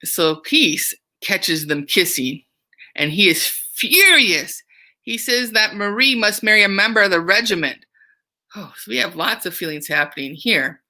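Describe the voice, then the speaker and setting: A woman's voice: mid-range voice, animated, a little slow, pushed and bright. A young woman who works as a camp counselor, giving a cheerful, playful online music lesson for children.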